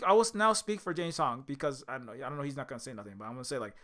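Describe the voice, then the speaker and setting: A man's voice: high-pitched, racing, hardly any pauses, bright, forceful tone. A man, an indie game developer and streamer, giving a casual monologue in an impassioned, profane way with many restarts.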